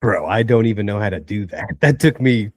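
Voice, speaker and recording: Deep-voiced man with deadpan jokes. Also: fairly quick, no room sound, clean studio sound. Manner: deadpan joking, insistent. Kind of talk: casual group chat.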